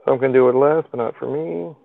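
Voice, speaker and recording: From a car parked in a lot, a live stream host chats loosely in a mid-range voice with vocal fry, talking fairly quickly. He rambles with many fillers and folksy asides, and his voice comes through thin and tinny, like a phone line, close and dry with no room sound.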